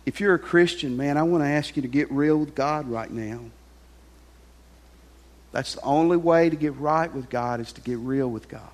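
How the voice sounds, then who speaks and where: A pastor preaching a sermon, telling a story and sinking to a soft hush on key lines. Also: male voice, fairly high pitch, moderate pace. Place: large church hall. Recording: long hall reverb with faint music.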